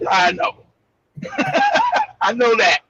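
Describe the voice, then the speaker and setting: A man giving brash, mocking casual commentary, loud and profane, laughing often and breaking into shouts. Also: extremely high pitch, huge pitch swings, very slow, a little hiss or hum. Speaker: co-host. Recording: slightly dull lo-fi sound.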